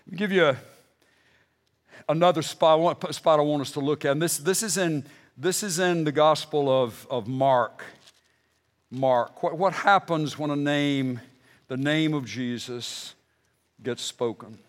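Slow, emphatic male preacher. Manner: emphatic, rising to loud bursts then dropping low and quiet when reading scripture. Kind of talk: sermon.

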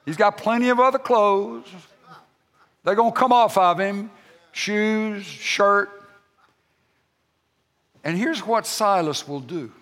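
A man's voice: high-pitched, a bit bright, in a large hall. An older man, a grandfather, preaching a sermon with folksy storytelling and emphatic peaks. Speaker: pastor.

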